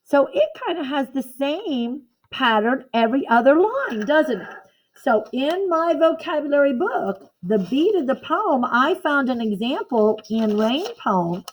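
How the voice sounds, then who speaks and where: A woman's voice: high voice, big pitch swings, low-quality recording. A woman teacher giving a patient classroom lesson to children, counting out beats and checking in with the class. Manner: slow, patient and encouraging, counting beats aloud.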